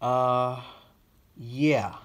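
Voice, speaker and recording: A man's voice: medium pitch, extremely slow, a bit bright. A man vlogging to camera, out of breath and lightheaded, gushing and sighing between phrases. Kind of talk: casual talk to camera.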